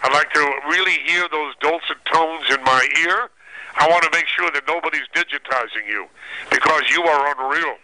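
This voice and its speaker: An older man with a bright, forceful radio DJ delivery. He comes through a dry phone line and sounds upbeat and showy throughout. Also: a little high, moderate pace, no room sound. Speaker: radio broadcaster guest. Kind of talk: phoned-in message.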